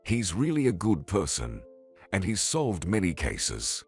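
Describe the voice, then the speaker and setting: A man's voice: sits low, huge pitch swings, measured pace, a little mellow, husky, faint music behind, full character voice. A man reading the lines of an earnest, protective woman who pleads and scolds. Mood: pleading.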